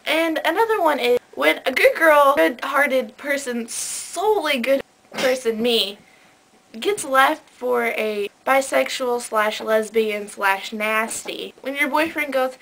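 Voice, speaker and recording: A woman's voice: high-pitched, slow, gravelly, fairly bright tone, poor audio. A teenage girl complaining to camera, acting out both sides of the conversations she describes. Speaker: vlogger. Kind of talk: casual rant to camera.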